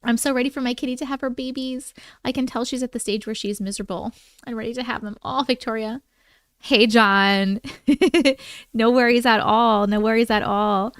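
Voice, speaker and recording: Woman host, chatty and casual on a livestream, fairly high voice, dry close sound. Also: steady tone, normal speed, clear, resonant tone, no echo. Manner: chatty, reads viewer comments aloud, coos at her cats. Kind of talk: casual live chat with viewers.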